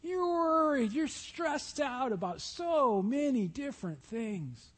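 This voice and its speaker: A man voicing Jesus as a gentle, calm teacher speaking softly and slowly. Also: very high-pitched, pitched above the performer's own voice, exaggerated voice. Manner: soft, gentle, slow.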